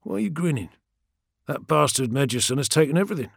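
A man voicing a blunt, impatient male warrior in an audiobook, asking sharp questions. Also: a little high, animated, fast, creaky, slightly rough, no room sound, clean studio sound, pitched above the performer's own voice, exaggerated voice. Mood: irritated.

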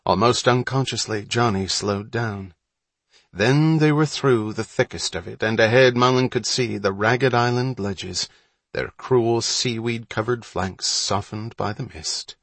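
A man reading a storybook aloud as an audiobook narrator, in steady, measured scripted narration. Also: mid-range voice, no echo.

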